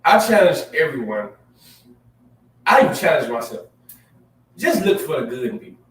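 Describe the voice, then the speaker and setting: Male co-preacher, high voice, energetic and exclamatory, mic distant in a roomy space. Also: moderate pace. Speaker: co-host reading scripture. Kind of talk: sermon, scripture reading and exhortation. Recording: echoey room, mic at a distance.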